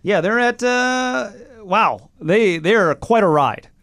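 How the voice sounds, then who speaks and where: A man co-hosting a casual podcast, joking around, laughing often and slipping into mock advert pitches. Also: takes it slowly. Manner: animated, laughs often, jokey ad-style bits. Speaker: podcast co-host. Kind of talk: casual comedic chat.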